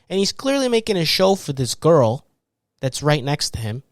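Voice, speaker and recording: A man hosting a podcast, telling a long, animated story in a casual way and acting out the people in it with laughs and shouts. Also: on the high side, moderate pace, no echo, studio quality. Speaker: podcast host.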